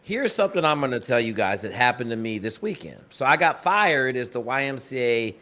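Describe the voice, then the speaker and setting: A man telling a story on a live talk broadcast, energetic and fast, acting out the quotes as he goes. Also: mid-range voice. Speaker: panel guest and father.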